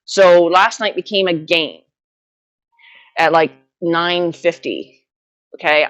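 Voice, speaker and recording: A woman with a slightly low voice tells a long, meandering story to her vlog audience. She sounds casual and self-deprecating and keeps laughing at her own mishaps. She comes across as middle-aged and unpolished. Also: fairly bright tone. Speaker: horse trainer vlogger.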